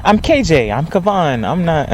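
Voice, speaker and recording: Soft-voiced man, stretched syllables. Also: a little high, slight background noise. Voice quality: soft, light voice. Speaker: poet, podcast guest. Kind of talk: poetry reading and casual chat.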